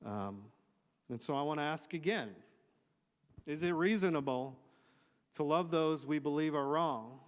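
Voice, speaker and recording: A man's voice: a little high, unhurried, pauses often. A male pastor preaching a conversational sermon in a church, reading scripture with casual, joking asides. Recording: long hall reverb.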